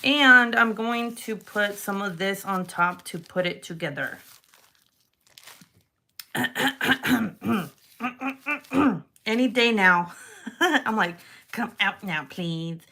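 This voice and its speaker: A woman's voice: medium pitch, drawn-out words, long pauses, pushed and bright. Chatty woman crafting on a livestream. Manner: chatty, giggly, talks to live chat viewers. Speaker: polymer clay livestream host. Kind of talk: casual livestream chat while crafting.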